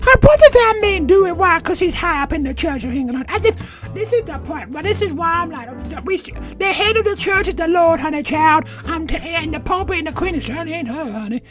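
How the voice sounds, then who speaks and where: A woman's voice: extremely high pitch, animated, brisk, hardly any pauses. A woman voicing a blunt, cheeky nanny who calls everyone honey, with faint guitar music behind her. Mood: sassy.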